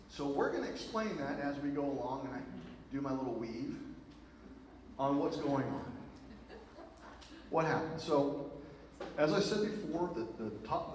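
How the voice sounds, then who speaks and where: A man giving a speech to a live audience, telling stories in an animated way with lots of fillers and asides. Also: fairly high pitch. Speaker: speaker. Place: event hall with an audience. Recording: very echoey hall from far off, noisy.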